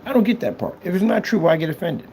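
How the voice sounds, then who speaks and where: A man's voice: high-pitched, big pitch swings, quick pace, darkish tone, a little hiss or hum. A man who runs a small business, talking casually and rambling as he works on a livestream, thinking aloud and mocking his critics. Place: indoor business premises.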